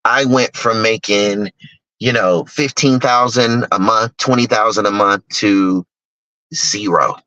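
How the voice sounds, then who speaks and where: Bright, forceful low-voiced man telling a story. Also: takes it slowly, no room sound, muffled recording. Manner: animated storyteller who acts out other people's lines in sharply raised voices. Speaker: guest speaker on investing. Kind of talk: personal storytelling on a talk stage.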